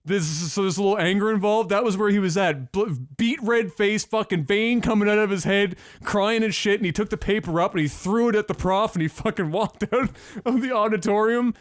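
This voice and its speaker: A young man telling a story on a podcast in a casual, profane, animated way. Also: high-pitched, fairly quick, dry recording, studio quality. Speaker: podcast co-host.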